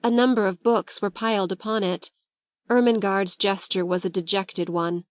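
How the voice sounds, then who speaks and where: A woman narrating a classic novel as an audiobook, in a measured, gentle storytelling manner. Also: mid-range voice, fairly even intonation, dry recording, clean studio sound.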